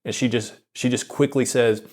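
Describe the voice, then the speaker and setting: A young man telling an awkward personal story in a rambling, halting, self-deprecating way, full of restarts and fillers. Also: medium pitch, fairly even intonation, darkish tone. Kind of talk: confessional storytelling monologue.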